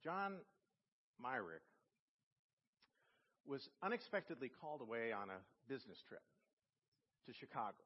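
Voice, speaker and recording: A male pastor giving a sermon, telling a story with slow, emphatic phrasing. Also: medium pitch, big pitch swings, breathy edge. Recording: long reverb in a church hall, dull lo-fi sound.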